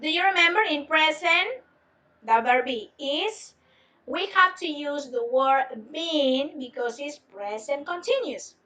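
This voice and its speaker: Woman teacher, high and bright, slow and patient, heard from a distance on an online class. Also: expressive. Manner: slow, patient, repeats questions to students. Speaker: English teacher. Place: home, on a video lesson.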